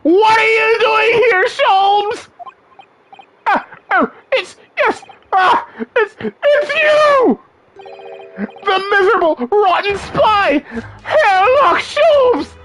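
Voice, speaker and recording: A woman voicing an excitable, theatrical young Japanese scholar in a game let's play, with shrieking, stammering and melodramatic wails. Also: very high-pitched, drawn-out words, exaggerated voice, poor audio. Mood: outraged.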